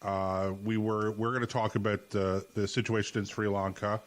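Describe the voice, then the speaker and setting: A man's voice: on the low side, flat delivery, normal speed. A man hosting a podcast who sets out the topics and teases his co-host in casual chat. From Canada. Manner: leads the talk, sets out topics, dry teasing.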